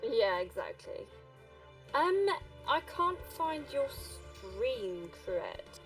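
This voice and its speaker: Slow, lilting woman on a call. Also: sits high, very animated, a bit bright, recorded from a distance, soft background music. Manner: slow, hesitant, giggly. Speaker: co-host streamer. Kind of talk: casual stream chat. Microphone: online voice call.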